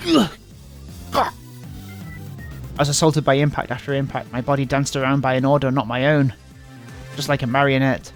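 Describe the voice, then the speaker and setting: A man's voice: medium pitch, little pitch movement, fairly quick, long pauses, soft background music. A man reading a visual novel aloud in dramatic voices and breaking off now and then for muttered jokes. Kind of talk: dramatic reading with joking asides.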